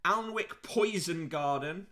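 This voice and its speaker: Male podcast host, high bright voice, dry sarcastic reader-commentator. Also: takes it slowly. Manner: wry, sarcastic asides between readings. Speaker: podcast host reviewing print media. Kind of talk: casual read-aloud commentary.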